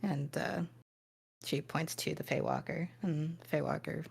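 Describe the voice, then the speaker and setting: A woman's voice: sits low, fairly even intonation, unhurried, gravelly, breathy edge. A woman narrating as game master of a tabletop game, rambling with many fillers and restarts.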